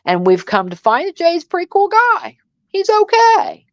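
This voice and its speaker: A woman's voice: high voice, sing-song, a little fast, a bit bright, no room sound, dull audio. A woman in her sixties co-hosting a live commentary stream, blunt, sassy and profane, acting out what people said. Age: 60s. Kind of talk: casual commentary chat.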